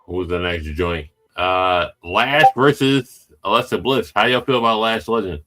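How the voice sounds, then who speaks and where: A man's voice: lowish voice, unhurried, pushed and bright, faint music behind. A man co-hosting a casual wrestling chat, dropping brief, offhand remarks. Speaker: podcast co-host.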